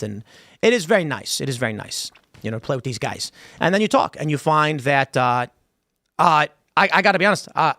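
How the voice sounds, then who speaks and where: A man hosting a casual talk show, arguing quickly and reading out viewer comments. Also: a little high, a bit bright, no echo, studio quality. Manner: argumentative, fast, mock-quotes people in asides. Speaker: host.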